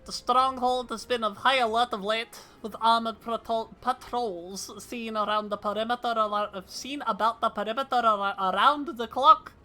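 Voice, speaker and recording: A woman's voice: fairly high pitch, steady tone, moderate pace, hardly any pauses, sharp tone, pitched above the performer's own voice. A woman voicing a bluff fantasy townsman in a put-on Scottish accent, reading game dialogue aloud in character. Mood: earnest.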